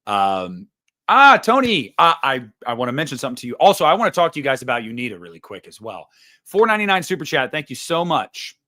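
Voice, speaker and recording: A man's voice: medium pitch, sing-song, fast, sharp tone. A man hosting a casual livestream, chatting with viewers in a loose, profane, rambling way. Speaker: livestream host.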